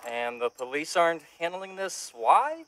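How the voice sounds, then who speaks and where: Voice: medium pitch, sing-song, unhurried, fairly bright tone, slight background noise. An actor playing a wisecracking undead watchman. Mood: wry. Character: wisecracking undead night watchman, eager for a case. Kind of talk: short horror-comedy film acting.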